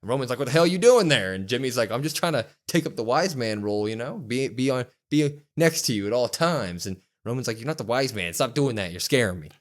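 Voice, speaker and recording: A man co-hosting a wrestling podcast, quickly recapping an episode in casual chat and acting out the quotes. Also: medium pitch. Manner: quick, animated retelling with acted-out quotes.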